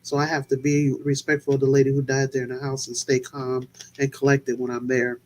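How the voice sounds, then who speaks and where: A woman's voice: rumbling low, flat delivery, fairly quick, a little mellow, a little hiss or hum, low-quality recording. A woman hosting a casual interview show, chatty and storytelling, easy to laugh. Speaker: podcast host.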